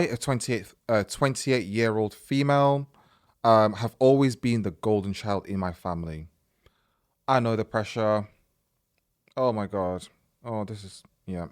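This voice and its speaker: A man's voice: fairly low pitch, no room sound, studio quality. A young man hosting a podcast, reading a listener's story aloud in a casual, chatty way and often breaking off to comment.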